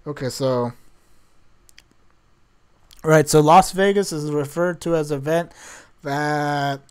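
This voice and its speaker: A man's voice: on the high side, slow pace, a little mellow, smooth. A man reading a novel aloud on a stream, breaking off for wry, chatty asides and laughing at the text. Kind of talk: casual read-aloud with joking asides.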